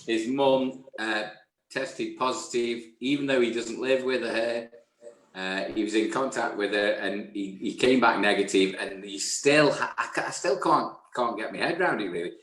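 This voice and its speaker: A man's voice: medium pitch, normal speed, a bit bright, echoey room, low-quality recording. A man hosting a chat show, friendly and prone to stammered restarts. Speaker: host. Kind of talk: casual chat.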